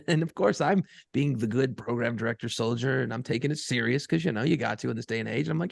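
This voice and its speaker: Animated gravelly man telling a story. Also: mid-range voice, quick pace, few pauses, dry recording, studio quality. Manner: animated profane storytelling, acts out other voices. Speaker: podcast co-host and radio program director. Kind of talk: casual storytelling banter.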